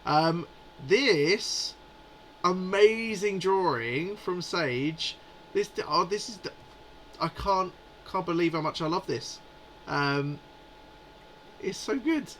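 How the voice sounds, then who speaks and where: A man's voice: sits high, lively intonation, takes it slowly, long pauses, a bit bright, a little hiss or hum, poor audio. Chatty man in his forties. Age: 40s. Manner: chatty and rambling, amused. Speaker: livestream host. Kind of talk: casual live chat.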